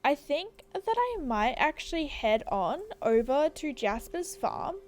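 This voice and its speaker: Giggly high-voiced woman gaming. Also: sing-song, measured pace. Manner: giggly, apologetic, rambling. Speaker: gaming YouTuber. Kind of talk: casual gameplay commentary.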